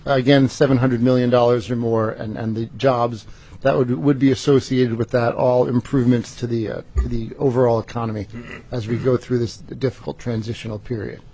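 A man giving formal testimony to a legislative committee, presenting a bill in a halting way with frequent "uh" fillers and restarts. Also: mid-range voice, level tone, mellow, muffled recording, slight background noise. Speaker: state agency official presenting a bill.

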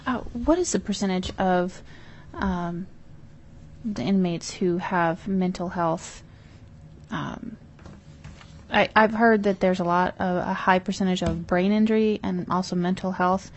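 A woman's voice: lowish voice, measured pace, slight background noise. Hesitant woman legislator asking questions. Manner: hesitant, restarts questions while thinking. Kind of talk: committee questioning.

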